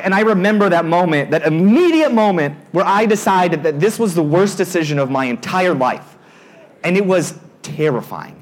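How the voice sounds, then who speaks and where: A young man preaching in a casual storytelling way. His voice rides up high and swoops back down as he acts out his own panic, and his pitch sits a bit above most men's. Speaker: youth pastor. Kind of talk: storytelling sermon.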